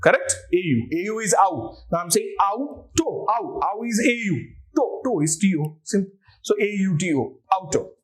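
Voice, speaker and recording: A man's voice: high voice, expressive, moderate pace. A man with an Indian English accent, teaching an online language lecture and patiently spelling words out letter by letter.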